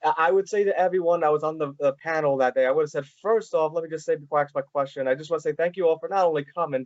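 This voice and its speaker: Male podcast host, halting and eager, dull lo-fi sound. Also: on the high side, no echo. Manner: halting, many "like" fillers and restarts. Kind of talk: casual interview chat.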